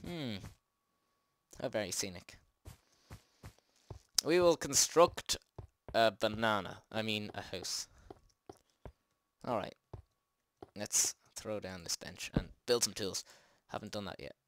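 Guy narrating his game, lowish voice, rambly, jokes at himself, yelps when stuff goes wrong. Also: measured pace, long pauses, fairly bright tone. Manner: chatty, self-mocking, jumpy exclamations. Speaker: gaming channel host. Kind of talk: let's play game commentary.

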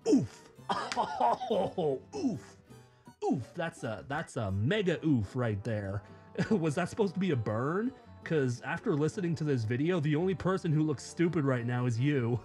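A man's voice: fairly high pitch, lively intonation, normal speed, a little mellow, faint music behind. A man reading a scripted commentary in a sarcastic, mocking, profane way. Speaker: YouTube commentator.

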